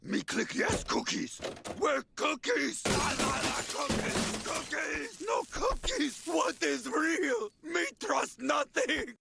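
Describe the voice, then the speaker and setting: Cookie-crazed simpleton: very high and gravelly, drawn out, shouting in broken words. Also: male voice, big pitch swings, slow pace, a little hiss or hum, heavily acted. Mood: greedy, shouty.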